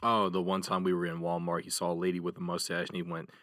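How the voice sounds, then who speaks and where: A man's voice: low-pitched, monotone, fast, pushed and bright, dry recording. A man co-hosting a podcast, chatting casually with laid-back, dry humor. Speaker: podcast co-host. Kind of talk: casual chat.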